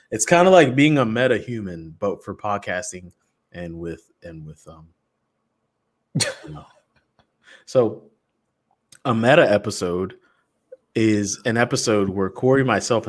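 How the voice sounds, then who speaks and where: A man co-hosting a podcast, reading promos in a loose, joking way and jumping between loud and soft. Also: lowish voice. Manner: animated, jokey, swings loud and soft. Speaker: podcast co-host. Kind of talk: casual chat with show promos.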